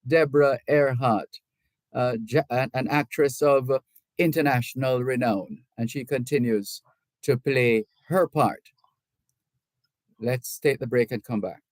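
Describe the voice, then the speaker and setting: A man hosting a live radio talk show, brisk announcer delivery. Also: medium pitch, dry recording. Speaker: radio host.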